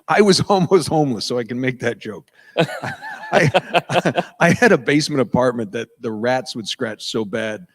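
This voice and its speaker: A man's voice: mid-range voice, animated, normal speed. A middle-aged man from New England, a voice actor guesting on a convention panel, telling rambling stories full of tangents and chuckles before a live audience in an auditorium. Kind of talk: casual stage chat with anecdotes.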